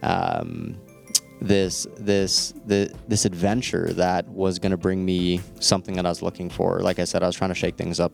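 A man's voice: low-pitched, creaky, darkish tone. A man telling a candid personal story who swears freely and laughs mid-sentence.

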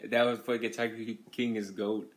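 A man in a casual movie chat, animated and ranting, with heavy swearing. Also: lowish voice, moderate pace. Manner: animated, swears heavily, rants.

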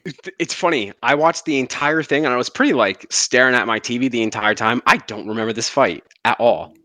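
A man co-hosting a casual sports chat podcast, animated and quick to laugh. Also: medium pitch, no room sound. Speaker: podcast co-host.

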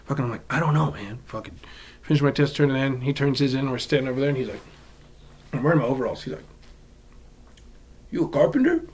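A young man from Southern California, co-hosting a podcast and telling stories in casual chat, animated and profane. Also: mid-range voice, quick pace, long pauses, breathy edge. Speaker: podcast co-host.

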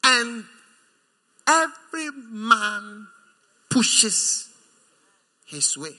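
A man with a Ghanaian accent preaching a sermon, animated, teasing and emphatic. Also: sits high, drawn-out words. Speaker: pastor.

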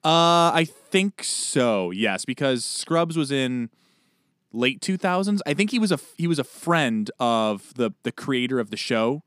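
A man in easy podcast chat, his voice sitting at an everyday middle pitch. He talks in an animated way, tossing in jokes and quick asides. The sound is dry and close, with no room around it. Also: clean tone, dry recording. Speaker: podcast co-host. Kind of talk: casual chat.

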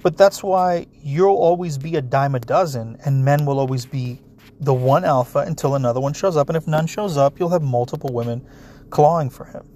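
Profane, ranting man with higher voice. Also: normal speed. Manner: blunt and profane, heavy swearing; animated, talks straight at listeners. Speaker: solo commentator. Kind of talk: ranting monologue.

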